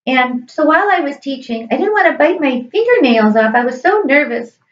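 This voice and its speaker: A middle-aged woman, a high school teacher, telling a personal story in an earnest, emotional, emphatic way. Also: lively intonation, a little fast, slight background noise. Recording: echoey room, distant dull mic.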